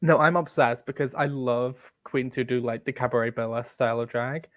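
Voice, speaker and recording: A man's voice: medium pitch, level tone, fairly quick, fairly bright tone, dry recording, clean studio sound. A man co-hosting a casual podcast chat, playful and opinionated. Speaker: podcast co-host.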